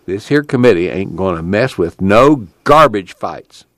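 A man's voice: lively intonation, measured pace, fairly bright tone, no echo, studio quality. A man doing a profane tubby Okie migrant. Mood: gruff. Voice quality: blunt, profane, raised pitch. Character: gruff tubby middle-aged male migrant, blunt storyteller.

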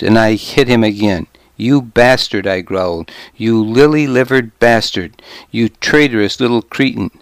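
A man reading a first-person audiobook as narrator, with a grim, measured delivery. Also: fairly low pitch, clear, resonant tone, no room sound.

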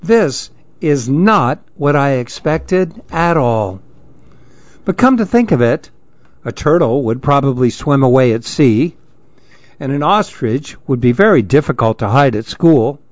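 A man reads children's stories aloud in a slow, expressive way, his pitch rising and falling a lot. His voice sits a bit high for a man. The recording is dry and somewhat dull. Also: no echo. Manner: expressive, sing-song reading. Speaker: narrator. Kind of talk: storybook reading.

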